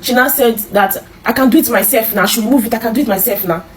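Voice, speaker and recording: A Nigerian woman telling her own life story in an interview, halting and repeating herself, with many restarts. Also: fairly high pitch, slight background noise, low-quality recording. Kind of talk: emotional personal storytelling.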